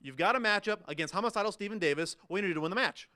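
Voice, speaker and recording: A man interviewing a wrestler backstage, pressing him with hurried questions. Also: sits high, pushed and bright.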